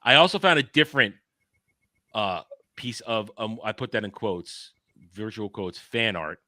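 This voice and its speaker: A man hosting a casual commentary podcast, talking in an animated, sarcastic way and mocking what others say. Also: on the low side, a little slow. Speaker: podcast host.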